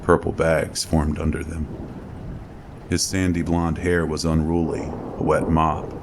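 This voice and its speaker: A man narrating a horror story in a slow, measured reading. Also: very deep voice, flat delivery, gravelly, noisy background. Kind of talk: scripted narration.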